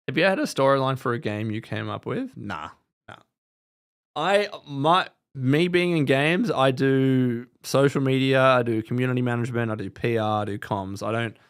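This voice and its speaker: A man's voice: medium pitch, normal speed, clean tone. A man hosting a casual podcast livestream, chatting animatedly and laughing often. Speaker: podcast host. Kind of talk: casual live-stream chat.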